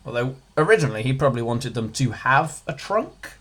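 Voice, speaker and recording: Chatty man with a lively voice. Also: medium pitch, fairly quick, hardly any pauses. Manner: chatty, jokey asides, stresses single words. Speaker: English revision tutor. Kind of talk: casual revision lesson.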